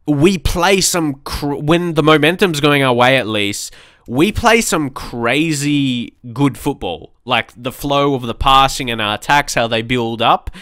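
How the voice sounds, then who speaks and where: A man's voice: mid-range voice, a bit bright, smooth, dry recording, studio quality. A young man chatting casually through his gameplay, rambling and reacting aloud to the match. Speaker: let's play commentator.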